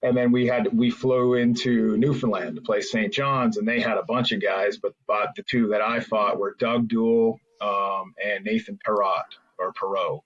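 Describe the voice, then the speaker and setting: A man's voice: on the low side, steady tone, moderate pace, few pauses, lo-fi sound. A man, a former hockey player, rambling through anecdotes as a podcast guest, with many fillers and restarts. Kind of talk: casual storytelling interview.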